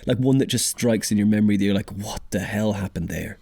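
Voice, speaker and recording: A man's voice: lowish voice, fast, vocal fry, dark tone, slightly rough, dry recording. A man hosting a podcast, asking a guest questions in a casual chat, eager and full of fillers. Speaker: podcast host.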